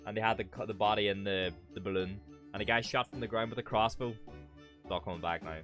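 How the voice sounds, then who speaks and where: A man's voice: fairly low pitch, fairly even intonation, fast talker, a bit bright, soft background music. A man with an Irish accent streaming a game, chatting with viewers in a rambling way and swearing now and then. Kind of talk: casual gameplay commentary.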